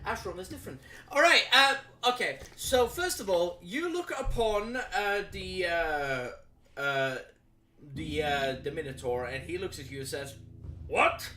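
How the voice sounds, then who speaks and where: A woman's voice: lowish voice, unhurried, slight background noise. A woman narrating as dungeon master of a tabletop game, swearing and laughing as she goes. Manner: animated, swears, laughs often.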